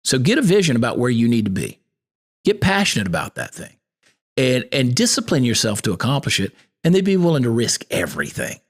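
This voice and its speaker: A man's voice: mid-range voice, wildly swooping pitch, fairly quick. A man hosting a podcast, giving a folksy, preacherly motivational talk that quotes scripture. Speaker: podcast host.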